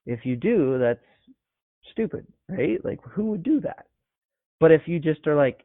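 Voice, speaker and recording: A man's voice: on the high side, big pitch swings, unhurried, long pauses, dry recording. A man giving an emphatic, conversational motivational coaching talk to his clients, with many rhetorical questions. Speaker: business coach. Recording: tinny phone-like sound.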